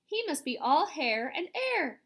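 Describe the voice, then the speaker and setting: An eager, clever young boy voiced by a woman speaks urgently in a high, bright voice. He is the quick-thinking young hero of a storybook. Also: big pitch swings, exaggerated voice.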